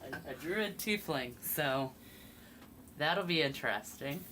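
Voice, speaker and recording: A woman's voice: low-pitched, expressive, takes it slowly, background noise. A woman streaming while painting miniatures, chatting casually and rambling with fillers. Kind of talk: casual chat.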